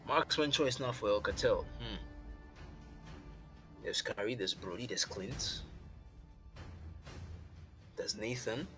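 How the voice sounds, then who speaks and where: A man's voice: on the low side, slow pace, pauses often, fairly bright tone. A man casting a live esports match, chatty and rambling, thinking aloud as he goes. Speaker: esports caster. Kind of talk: live game commentary. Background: game music.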